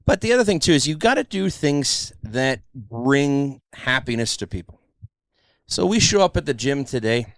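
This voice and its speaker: This middle-aged man hosts a podcast and is a lively storyteller, casually chatting and acting out quotes with animation. His voice sits in the mid-range at a normal pace, and the recording is dry and close.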